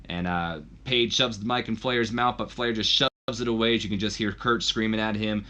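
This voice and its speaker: A man's voice: lowish voice, fairly even intonation, a little fast, few pauses, sharp tone. A man casually narrating a wrestling game session, rambling with fillers. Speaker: let's play host.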